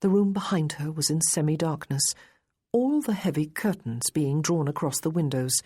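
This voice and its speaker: A woman narrating a period romance novel in a measured, even storytelling manner. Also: deep voice, breathy edge. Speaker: audiobook narrator.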